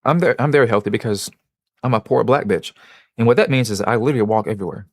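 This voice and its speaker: A man's voice: medium pitch, fast, no room sound, clean studio sound. A man hosting a livestream, chatting casually and answering his chat in a rambling, joking, self-mocking way with many restarts. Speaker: livestream host.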